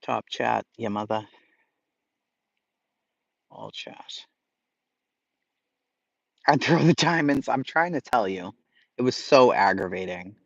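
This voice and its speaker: Profane, excitable man on a dull stream. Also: medium pitch, slow pace, vocal fry, long pauses, no echo. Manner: profane, excitable, talks to chat. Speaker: livestream host. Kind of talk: casual livestream chat.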